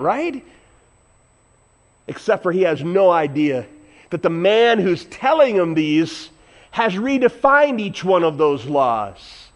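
A man preaching a sermon with a high voice that jumps all over the place. He is animated, acts out the people in his story, and breaks into sudden loud whoops. His delivery swings between soft, low asides and excited bursts. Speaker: pastor.

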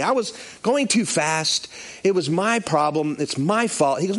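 Animated male pastor preaching. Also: high voice, a little fast, husky. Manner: animated, acts out the people in his stories. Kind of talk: sermon with storytelling.

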